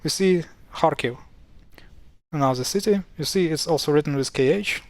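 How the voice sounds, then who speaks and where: Explaining pronunciation over a casual screen share, this talkative man has a higher voice and a moderate pace, recorded without echo. Mispronunciations clearly exasperate him, and he often fills and restarts his sentences.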